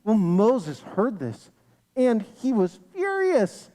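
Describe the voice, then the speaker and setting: A storyteller narrating a children's story with an animated, sing-song delivery. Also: medium pitch, slow pace, in a large hall. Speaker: storyteller at a congregation livestream. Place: synagogue sanctuary.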